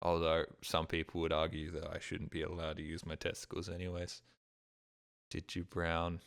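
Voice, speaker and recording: Deep-voiced crude, joking male streamer. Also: completely flat delivery, moderate pace, creaky, a bit bright, clean tone, no room sound, clean studio sound. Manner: crude, rambling, self-mocking humor. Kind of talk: casual gameplay commentary.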